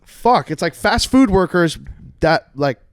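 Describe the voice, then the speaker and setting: A man's voice: sits high, expressive, measured pace, dry recording. Rambling young man, dry close sound. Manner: rambling, lots of fillers and swearing. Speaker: musician guest. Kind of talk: casual podcast chat.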